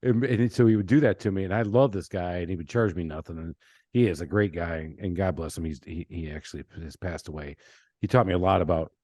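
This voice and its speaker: A man hosting a podcast, telling lively stories with many restarts. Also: low voice, fairly quick, no echo, clean studio sound. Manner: animated storyteller, many restarts. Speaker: podcast host. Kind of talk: casual podcast interview.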